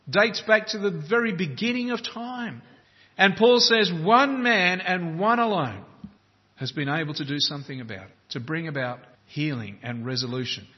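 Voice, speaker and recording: Pastor, male, husky voice, measured preaching that slows on key phrases, in a hall with long reverb. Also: on the high side. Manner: measured, slows for emphasis, explains terms plainly. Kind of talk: sermon. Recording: dull lo-fi sound with long church reverb.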